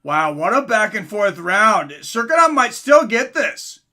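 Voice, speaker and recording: Guy calling a fight live on stream, high bright voice, gets hyped. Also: a little slow. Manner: excitable, rises to yelling at big moments.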